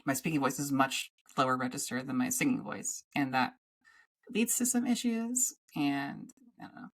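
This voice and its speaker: A woman co-hosting a podcast in casual chat, talking in a rambling, halting way with many restarts. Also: a bass voice. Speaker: podcast co-host.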